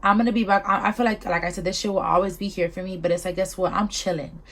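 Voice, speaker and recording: A woman's voice: mid-range voice, fairly even intonation, fast talker, a bit bright. A young woman from Southern California hosting her own podcast in casual, blunt talk full of swearing and slang, with a Southern California accent. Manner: blunt, profane and unfiltered. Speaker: podcast host. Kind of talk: casual solo podcast chat.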